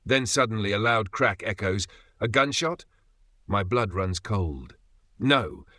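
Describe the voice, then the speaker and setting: A man's voice: lowish voice, expressive, slow pace, bright, forceful tone, no echo. A man giving tense, dramatic first-person narration of a thriller story. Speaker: narrator voicing the father.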